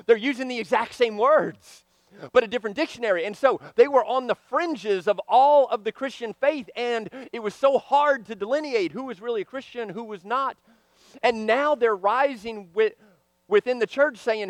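A man preaching a sermon, swinging from loud emphatic lines to hushed, quiet ones. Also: very high voice, normal speed, no echo.

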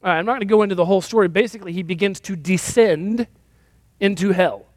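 A man's voice: high voice, fast talker, darkish tone, dry recording. A male pastor giving a sermon in a conversational, self-deprecating storytelling manner.

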